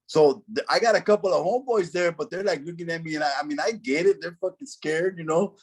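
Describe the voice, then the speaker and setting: A man's voice: on the high side, fast, hardly any pauses, husky. A middle-aged man from Central California, a former gang member, telling stories in a casual, profane, streetwise way and dropping in Spanish slang. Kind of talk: casual storytelling.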